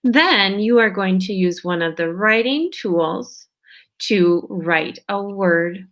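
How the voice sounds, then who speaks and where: A kindergarten teacher, a woman, giving a slow, patient phonics lesson, stretching out sounds and checking in with young children. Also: medium pitch, a bit bright. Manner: stretches out sounds and words slowly, checks in with "okay?".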